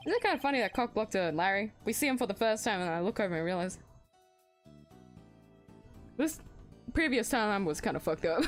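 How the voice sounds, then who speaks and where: A woman's voice: medium pitch, expressive, a little fast, long pauses, soft background music. A young woman gamer chatting casually and giggling between lines she reads aloud from a visual novel. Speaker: let's play gamer reading a visual novel. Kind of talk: casual chat between voiced game lines.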